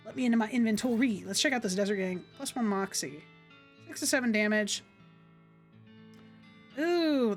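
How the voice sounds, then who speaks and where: A young woman streaming a game, chatting casually with viewers and reading game text aloud in an upbeat way. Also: a little high. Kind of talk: casual gameplay livestream chat.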